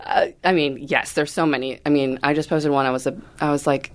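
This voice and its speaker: Woman, low voice, casual interview guest, chatty storytelling with restarts. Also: brisk. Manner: animated storytelling with many likes and restarts. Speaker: guest dancer.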